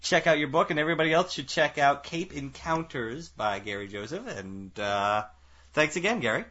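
A man's voice: a little high, animated, moderate pace, pushed and bright. A man hosting a radio talk show, easygoing and steering the conversation with fillers. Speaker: radio host. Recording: dull lo-fi radio sound.

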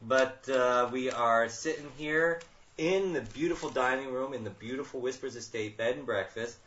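A man co-hosting a live paranormal radio show from a dining room, teasing the host and talking in halting bits with fillers. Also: medium pitch, fairly bright tone. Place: dining room of a bed and breakfast. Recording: roomy, lo-fi live broadcast.

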